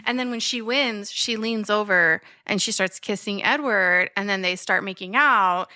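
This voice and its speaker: A woman co-hosting a podcast, giving a laughing, animated recap in casual chat. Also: mid-range voice, moderate pace, no echo. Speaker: podcast co-host.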